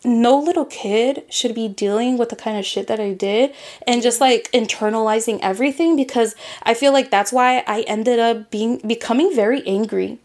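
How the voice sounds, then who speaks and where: A woman co-hosting a casual podcast chat, telling stories in an animated way with lots of fillers and casual swearing. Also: on the high side, moderate pace. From grew up in a Latino immigrant family in the US. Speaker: podcast co-host.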